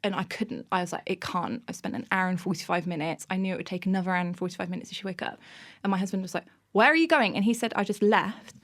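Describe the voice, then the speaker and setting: A woman in her thirties, a podcast guest telling an animated story in casual interview chat, bursting into laughter often. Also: fairly low pitch, quick pace, hardly any pauses.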